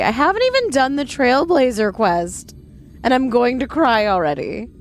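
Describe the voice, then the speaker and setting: A woman's voice: on the high side, very animated, normal speed. A woman live-streaming a video game, chatting casually and talking to her pet as she plays, with faint game music underneath.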